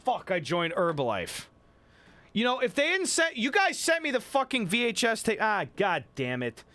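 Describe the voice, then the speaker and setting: A man hosting a livestream in casual chat, telling stories in an excitable, profane way. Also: high-pitched, normal speed, dry recording. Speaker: livestream host. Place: home streaming room. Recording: music playing behind.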